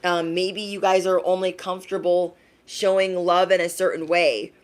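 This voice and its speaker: A young adult woman giving a casual livestream tarot reading in a frank, emphatic way, often tagging her points with a quick question. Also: lowish voice, little pitch movement. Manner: emphatic, frank, tags lines with "okay?". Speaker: tarot reader.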